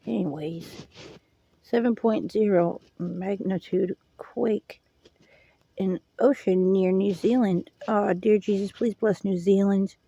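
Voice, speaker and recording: A woman's voice: medium pitch, fairly even intonation, slow pace, creaky, mellow, breathy edge, dry recording, highs cut off. A woman hosting a casual live-stream hangout, rambling in a folksy way and dropping prayerful asides. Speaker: livestream host.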